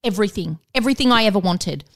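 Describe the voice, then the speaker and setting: A woman's voice: mid-range voice, fast. A woman in her forties with an Australian accent, co-hosting a casual chat and telling stories expressively. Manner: expressive, storytelling.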